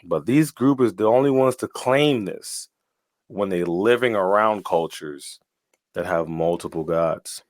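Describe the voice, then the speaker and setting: Young man, guest, low voice, slangy and laughing, dry close sound. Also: unhurried, no room sound. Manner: slangy, laughing, lots of "like" and "bro". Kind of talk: casual storytelling.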